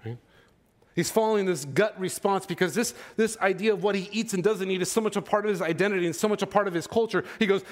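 A man preaching a sermon in a casual, animated way, with frequent filler words and asides to the congregation. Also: high-pitched, fast talker.

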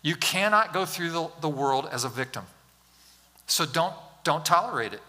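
A male pastor preaching a sermon, animated and humorous, acting out Bible scenes and talking directly to the congregation. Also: a little high, moderate pace. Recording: long hall reverb.

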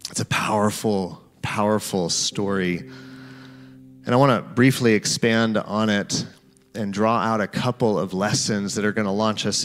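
A man preaching a sermon, telling a story in guided imagery and speaking to the listeners as "you". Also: fairly low pitch. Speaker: pastor.

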